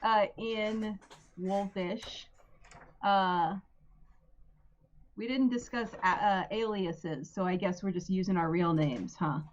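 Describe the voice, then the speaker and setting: A woman playing a tabletop game, bubbly and given to sudden high squeals. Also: slow, long pauses, dull audio, a little hiss or hum. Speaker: player.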